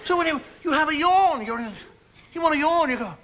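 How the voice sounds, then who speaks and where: A man's voice: very high-pitched, lively intonation, fairly quick, very noisy. A man performing a stand-up comedy monologue on stage before an audience, talking conversationally and acting out gestures and sounds.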